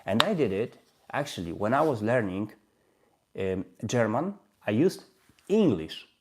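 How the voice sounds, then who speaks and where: A man with a Polish accent, speaking English as a non-native, casually hosting a language-learning live stream and walking through his flashcards with halting, repeated phrases. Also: fairly low pitch, sing-song, background noise. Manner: halting, repeats and restarts phrases, chuckles often. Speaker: language-learning livestream host.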